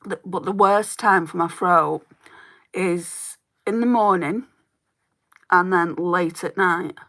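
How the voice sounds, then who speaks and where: Slow-spoken Lancashire woman with a bright voice. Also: on the low side. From Northwest England. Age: 40s. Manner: chatty, reads out and answers viewer comments. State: slightly hoarse throat. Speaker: makeup livestreamer. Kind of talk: live makeup tutorial chat.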